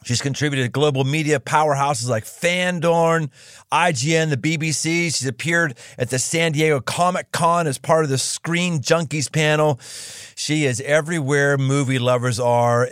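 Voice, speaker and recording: A man's voice: a little high, steady tone, normal speed, fairly bright tone, smooth, dry recording, clean studio sound. Exuberant American man hosting a podcast. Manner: exuberant, jokey, emphatic. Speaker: podcast host. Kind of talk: casual interview.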